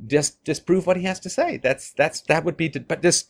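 A middle-aged man giving a monologue commentary, animated, often laughing and mimicking others in mocking quotes. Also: a little high, normal speed, few pauses.

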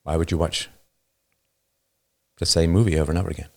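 Deep-voiced man hosting a livestream. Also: fairly even intonation, a little fast, a little mellow. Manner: emphatic, keeps asking "right?". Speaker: livestream host. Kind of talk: casual livestream monologue. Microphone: new studio microphone.

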